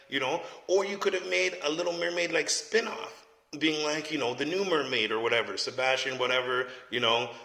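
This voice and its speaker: A man's voice: medium pitch, vocal fry, sharp tone. A man, giving a blunt, profane, casual opinion rant and often asking "you know what I mean?". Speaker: commentator. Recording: echoey space with long reverb.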